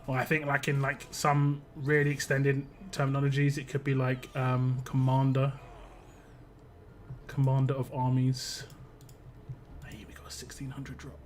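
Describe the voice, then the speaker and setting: A man's voice: mid-range voice, completely flat delivery, measured pace, slight background noise. A man from the United Kingdom hosting a live game stream, chatting casually with viewers in a rambling, self-interrupting way. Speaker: live-stream gaming host. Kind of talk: casual chat while playing a game.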